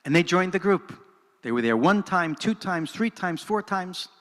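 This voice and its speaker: In a reverberant synagogue hall, an older man gives an earnest, dramatic talk as a presenter, telling a personal story and moving between narration and reflection. His voice sits high, with lively intonation, a moderate pace and a fairly bright tone.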